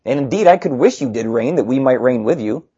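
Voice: medium pitch, lively intonation, warm tone, breathy edge, dull audio. A preacher putting on a sneering sarcastic Paul. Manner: drawn-out sarcastic sing-song. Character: sarcastic mocking apostle Paul, exaggerated.

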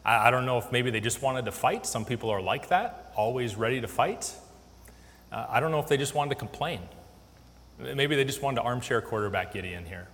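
A man's voice: medium pitch, a little fast, a bit bright. Man teaching scripture in a reverberant hall. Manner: conversational, many fillers and restarts. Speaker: Bible teacher. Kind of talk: casual Bible teaching.

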